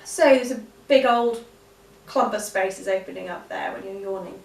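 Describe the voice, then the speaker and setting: A woman teaching vocal exercises in a relaxed, chatty way, with frequent ums. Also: medium pitch, normal speed. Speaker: singing teacher. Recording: echoey room, voice a bit far from mic.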